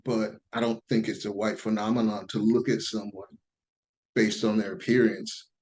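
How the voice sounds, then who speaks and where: A man talking casually as a podcast guest, telling a story in an animated way and acting out the voices of people he quotes. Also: lowish voice, moderate pace, rough recording.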